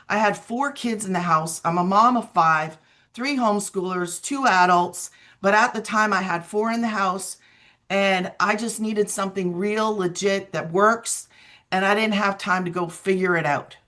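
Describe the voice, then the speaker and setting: A woman's voice: medium pitch, a bit bright. A middle-aged woman giving a casual, earnest testimonial as a guest, talking in an emotional storytelling way. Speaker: guest sharing her story.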